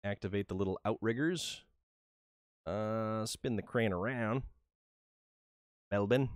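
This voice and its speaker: Taking it slowly, a man from New England with a lowish voice jokes casually about his gameplay while livestreaming. He often repeats words as a sentence begins, and the clean studio recording has no room sound.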